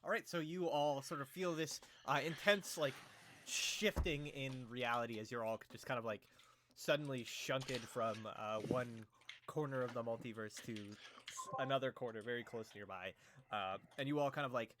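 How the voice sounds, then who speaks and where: A man's voice: mid-range voice, moderate pace, background noise. A man running a tabletop game as game master, narrating loosely with many fillers and hesitations.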